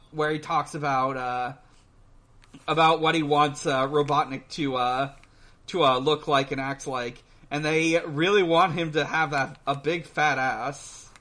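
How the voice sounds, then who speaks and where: A man co-hosting a podcast in casual chat, recapping a cartoon in a hesitant, halting way full of pauses. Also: on the high side, pushed and bright. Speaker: podcast co-host.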